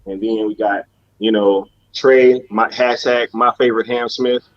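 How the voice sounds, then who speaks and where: A man's voice: fairly low pitch, steady tone, a little slow, highs cut off. A man who is a guest on a live stream, talking in a laid-back, slangy way. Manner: slangy, laid-back, says "you know what I'm saying". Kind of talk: casual live-stream chat.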